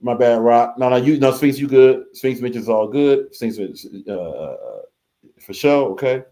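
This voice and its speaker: A man with a medium-pitched, mellow voice hosts a casual live reaction stream at an unhurried pace. He reads viewer chat comments aloud, repeating his phrases as he goes.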